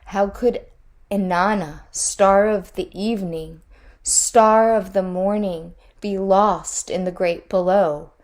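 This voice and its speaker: A woman's voice: mid-range voice, fairly even intonation, takes it slowly, darkish tone, close to an everyday voice. A woman voicing a wise old grandfather god in a storybook, crying out in distress. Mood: troubled.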